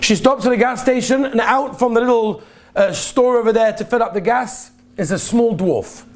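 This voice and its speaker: A man's voice: very high-pitched, normal speed. A man, a rabbi, giving a sermon and telling stories in an earnest, emphatic way, repeating key phrases. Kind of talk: sermon with storytelling.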